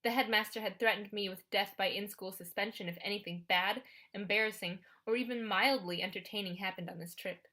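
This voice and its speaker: A woman's voice: mid-range voice, fairly quick, few pauses, pushed and bright. A woman narrating an audiobook in the first person, in a wry, conversational storytelling manner.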